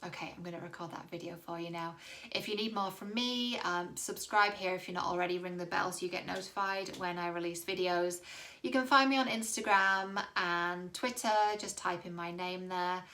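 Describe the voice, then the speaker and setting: A woman dating coach speaks to her viewers with a somewhat low, gravelly voice and a bright tone. She is candid and reassuring, and lets a casual swear slip now and then. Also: fairly even intonation, moderate pace. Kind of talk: direct-to-camera advice vlog.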